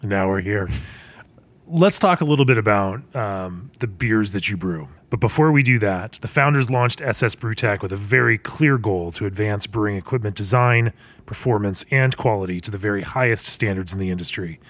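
A man's voice: on the low side, normal speed. A man hosting an interview, giving short acknowledgments and then reading sponsor ads. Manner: brief acknowledgments, steady read-through of ads. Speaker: podcast host.

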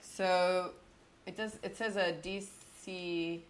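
A woman's voice: on the low side, steady tone, takes it slowly, slight background noise. Chatty woman playing a tabletop game. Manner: chatty, thinks aloud with fillers. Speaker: player. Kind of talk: casual tabletop game play.

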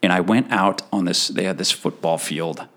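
Male podcast guest, deep voice, earnest storyteller, emotional, halting restarts and soft laughs. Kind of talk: personal faith story in a conversational interview.

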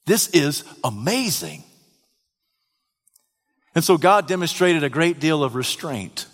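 A man preaches a sermon in a fairly high voice. He swings dramatically from near-whispers to loud shouts. A long reverb trails each phrase. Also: very animated, slow, long pauses. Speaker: pastor.

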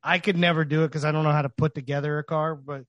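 Podcast host man, higher pitch, dry mic, eager reactions. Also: little pitch movement, a bit bright, no room sound, lo-fi sound. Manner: enthusiastic, quick reactions. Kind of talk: casual podcast chat.

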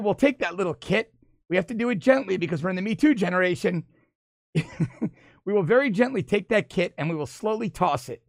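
A man delivering an opinion monologue as a political commentator, animated and mocking, often laughing as he talks. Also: sits high, dry recording, studio quality.

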